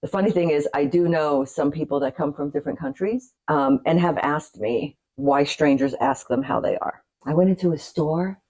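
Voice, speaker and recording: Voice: medium pitch, animated, normal speed, vocal fry, hardly any pauses, darkish tone, poor audio. A middle-aged vlogger from the United States, talking casually to camera in a chatty, rambling way with asides and light laughter.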